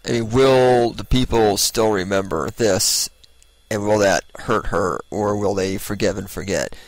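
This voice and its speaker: A man's voice: fairly low pitch, measured pace, dry recording, rough recording. A man giving a blunt, sarcastic political monologue as host, laughing at his own jokes.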